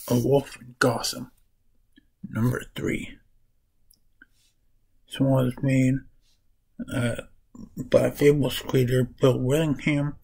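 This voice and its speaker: Guy slowly going over comics he read, husky voice, kinda rambly. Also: medium pitch, darkish tone, low-quality recording. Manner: rambling, restarts and corrects names while summarizing. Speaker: comic book reviewer. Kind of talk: casual comic review vlog.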